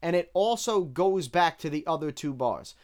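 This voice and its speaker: A man casually breaking down rap lyrics bar by bar, candid and relaxed as he counts the rhymes. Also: on the high side, moderate pace. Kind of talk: casual analytical commentary.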